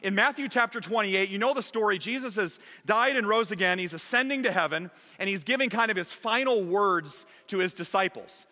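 A man preaching a sermon as pastor, energetic and emphatic. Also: sits high, fairly quick, hardly any pauses, big-room sound. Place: large church hall.

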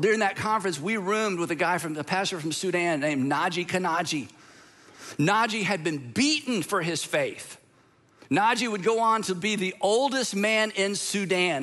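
A man's voice: sits high, a bit bright. A middle-aged man from Georgia, a pastor giving a sermon, telling personal stories in a conversational way with self-deprecating asides. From Georgia, USA.

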